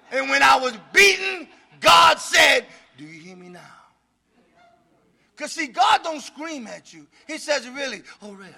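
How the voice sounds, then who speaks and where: A man testifies at a recovery meeting in a piercingly bright, high voice with a gravelly edge. He preaches more than he chats, often raising his voice to a shout for emphasis. He laughs between his points.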